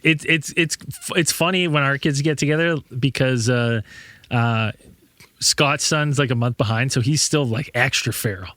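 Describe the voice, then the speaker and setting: A man's voice: medium pitch, normal speed, a bit bright, dry recording. A man in his thirties, a podcast host, telling rambling stories in casual chat, swearing often and laughing a lot.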